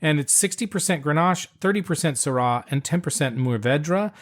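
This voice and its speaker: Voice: mid-range voice, expressive, moderate pace. A podcast co-host with a mid-range voice, leading a casual wine tasting. The delivery is easygoing and agreeable, with playful asides along the way.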